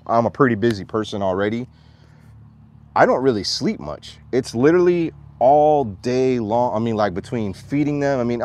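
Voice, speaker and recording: A man's voice: mid-range voice, darkish tone. A man vlogging casually outdoors on his farm, rambling and repeating himself. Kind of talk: casual vlog chat.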